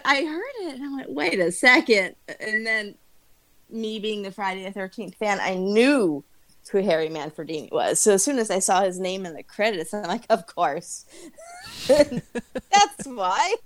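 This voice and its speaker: A middle-aged woman co-hosting a podcast in casual chat, animated and laughing often as she acts out her own reactions. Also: medium pitch. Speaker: podcast co-host.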